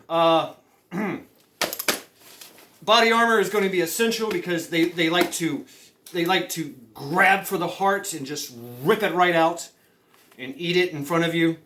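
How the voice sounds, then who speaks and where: With a fairly high-pitched voice and slight background noise, a comedy vlogger delivers deadpan survival advice that is only pretend-serious. The monologue rambles, full of fillers, stammered restarts and straight-faced conspiracy theories.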